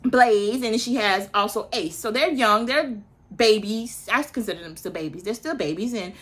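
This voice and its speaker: A woman's voice: a little high, moderate pace, fairly bright tone, slightly rough. A woman in her early thirties hosting a casual recap, chatty and opinionated, with asides to her viewers. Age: early 30s. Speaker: reality TV recap host.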